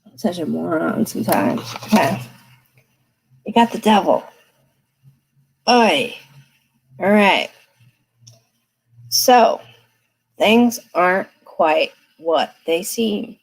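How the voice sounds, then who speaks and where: A woman's voice: lowish voice, animated, slow, gravelly, pauses often, breathy edge, low-quality recording. A woman giving live tarot readings in a chatty, emphatic way, laughing often. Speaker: tarot reader.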